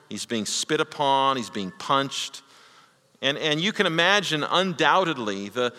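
A man's voice: on the high side, bright, forceful tone, in a large hall. A man preaching a sermon as a pastor, telling a story earnestly and acting out the quoted lines.

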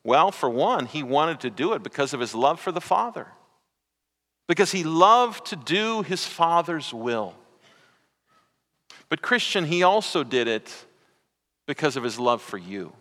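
A pastor preaching to his congregation, a bright, forceful man's voice that leaps high and drops low. He swings between loud, drawn-out phrases and hushed asides. The sound carries a long reverb from the hall. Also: sing-song. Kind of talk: sermon.

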